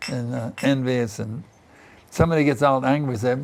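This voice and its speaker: A man's voice: medium pitch, normal speed, slight background noise. An older man teaching a scripture class in a temple, talking in a chatty way and often asking "isn't it" and "you see". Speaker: spiritual teacher giving a class. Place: temple in Vrindavan.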